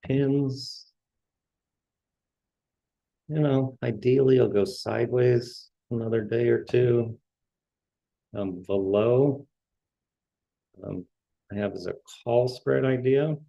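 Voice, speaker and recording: A man's voice: medium pitch, gravelly, warm tone, no echo, lo-fi sound. A man hosting a trading show, going through stock charts in casual market commentary and often restarting his words as he scans. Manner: halting, repeats words while scanning charts.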